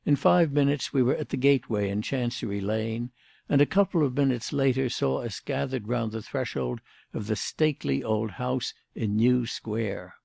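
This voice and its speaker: Casting: deep-toned, gravelly male narrator for a period mystery audiobook, dry close sound. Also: normal speed, darkish tone, no room sound.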